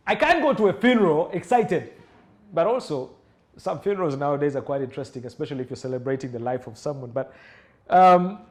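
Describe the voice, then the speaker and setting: A young adult man, teaching public speaking in an animated lecture and acting out sample tones. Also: fairly high pitch. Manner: animated, acts out example voices and tones. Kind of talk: lecture-style speaking class.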